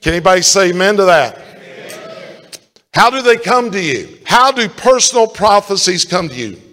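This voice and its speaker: A male pastor preaching a sermon. He tells stories and swings from loud calls to the congregation to hushed retellings. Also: high-pitched, sing-song, moderate pace. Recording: long hall reverb.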